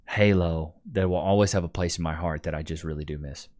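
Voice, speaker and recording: A man's voice: low voice, fairly even intonation, fairly quick, few pauses, a little mellow. A young adult man hosting a casual vlog, rambling through stories in slangy talk full of "dude" and "bro". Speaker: YouTube commentator.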